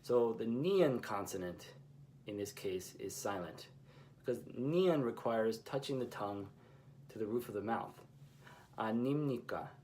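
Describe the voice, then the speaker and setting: A man teaching a language lesson, explaining pronunciation in a measured, patient way with pauses between phrases. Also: fairly low pitch, darkish tone, slight background noise.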